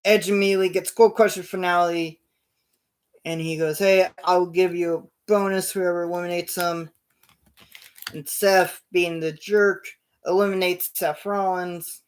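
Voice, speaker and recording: A man hosting his own show, narrating imagined wrestling action in a casual play-by-play, punctuated with loud sound-effect bursts. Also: high voice, flat delivery, measured pace, clean tone. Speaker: show host.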